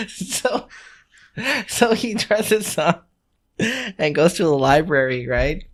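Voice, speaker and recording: A man's voice: a little high, very animated, slow. A man co-hosting a podcast, telling a story in casual chat, swearing freely, laughing, and acting out the people he quotes. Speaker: podcast co-host.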